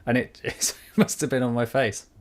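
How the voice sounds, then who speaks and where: Recorded on a studio mic, a British podcast co-host tells a story in casual conversation, performing the voices of the people he quotes. His mid-range voice keeps a fairly even intonation at a moderate pace.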